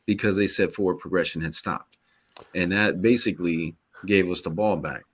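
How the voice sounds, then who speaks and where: A man with a somewhat low voice co-hosting a casual sports podcast. He talks loosely and profanely, rambling with constant asides. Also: normal speed, breathy edge. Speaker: podcast co-host.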